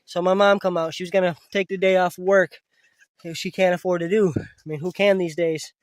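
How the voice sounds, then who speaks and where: A man with a fairly high voice talks casually to the camera from an outdoor camp in the woods. The sound is dry and close. He is emotional and speaks softly when he turns to his pets. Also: little pitch movement, fairly quick, no echo. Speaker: vlogger. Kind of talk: casual vlog talk to camera.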